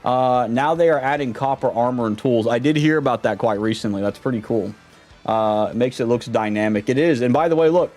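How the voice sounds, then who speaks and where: A man's voice: mid-range voice, a little fast, a little mellow, faint music behind. Laid-back slangy streamer guy. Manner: laid-back, slangy, greeting chat by name. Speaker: livestreamer. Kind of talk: casual live-stream chat.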